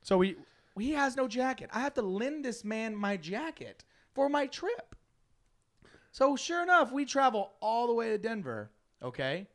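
A man telling a long story in casual chat, animated, laughing often and acting out his friends' lines. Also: very high-pitched, a little slow.

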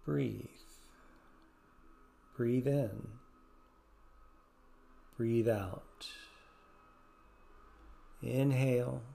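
Gravelly, mellow man guiding a slow meditation. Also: medium pitch, steady tone. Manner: soft-spoken, slow and gentle with long pauses. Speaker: yoga and meditation teacher, podcast host. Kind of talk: guided meditation.

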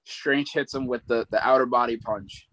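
A man's voice: mid-range voice, fairly even intonation, normal speed, fairly bright tone, no echo, rough recording. A man casually retelling a movie plot, rambling with lots of fillers. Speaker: movie recap co-host. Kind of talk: casual chat.

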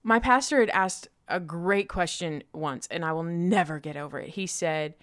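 A woman's voice: fairly low pitch, moderate pace, few pauses, fairly bright tone, dry recording, clean studio sound. A woman co-hosting a faith-based podcast, talking in an emphatic, preachy, encouraging way. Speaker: podcast co-host.

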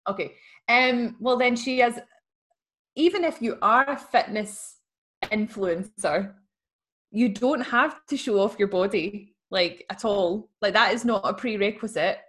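A woman's voice: mid-range voice, a little slow, a bit bright. A woman who co-hosts a podcast, reading a listener's letter aloud in a chatty, wry way and laughing easily. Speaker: podcast co-host.

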